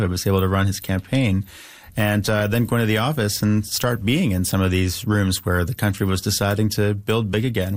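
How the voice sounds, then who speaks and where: A man from Canada, a newly elected member of parliament, giving earnest, measured interview answers with frequent filler phrases. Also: fairly low pitch.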